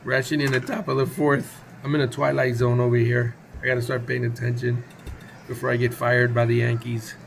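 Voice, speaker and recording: A man's voice: medium pitch, creaky, a little hiss or hum. A man calling play-by-play for a simulated baseball game on his own, casual and chatty, with asides and self-corrections. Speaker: play-by-play commentator.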